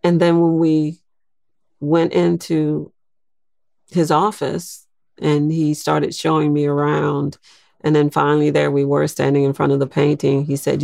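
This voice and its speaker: A woman in her sixties, a guest in an interview, telling a personal story in a reflective, unhurried way. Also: sits low, monotone, vocal fry, dry recording, studio quality. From Louisiana, United States. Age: 60s. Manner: reflective, unhurried, with soft laughs and restarts.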